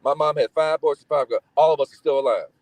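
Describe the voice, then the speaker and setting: A middle-aged man from Indiana tells family stories in a relaxed, casual way. His voice sits a little high and stays lively, slipping into the voices of people he describes. The recording is close and dry. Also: fast, no room sound, low-quality recording. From Gary, Indiana, United States. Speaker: guest. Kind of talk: casual storytelling.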